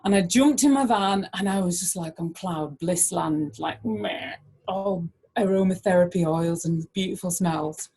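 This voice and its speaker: A middle-aged woman, a guest speaker, telling a personal story in an animated way, full of "like" fillers. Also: lowish voice, measured pace, breathy edge.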